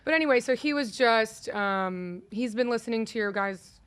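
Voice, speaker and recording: A woman's voice: on the high side, normal speed, clean tone. A young woman, a guest on a podcast, chatting casually and laughing between stories. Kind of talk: casual chat.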